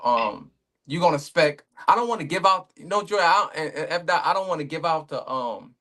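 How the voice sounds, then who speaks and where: A man's voice: a little high, lively intonation, normal speed, bright, forceful tone. A man talking casually as a guest on a remote podcast call, laid-back and rambling, with many fillers and restarts. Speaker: league owner guest.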